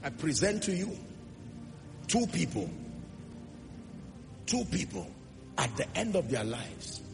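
A man preaching a sermon to a church congregation, emphatic, with rhetorical questions and swings between loud declarations and soft asides. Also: high voice, creaky. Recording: long hall reverb with music underneath. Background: music.

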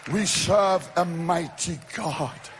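A man preaching an evangelistic sermon, shouting at the high points and dropping low to tell stories. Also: slow, a crowd in the background, background noise. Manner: impassioned, shouting at climaxes, then dropping to quiet storytelling.

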